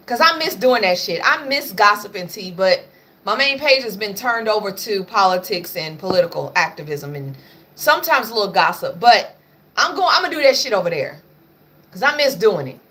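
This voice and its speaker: A woman's voice: fairly high pitch, pushed and bright. Blunt, chatty woman livestreaming. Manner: blunt, profane, chatty, scolding her pets. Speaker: livestream host. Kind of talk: casual livestream chat.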